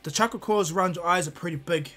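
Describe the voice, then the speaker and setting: A man's voice: high voice, fast, pushed and bright, soft background music. A man voicing a cocky young male ninja hero, brash and bossy. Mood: confident.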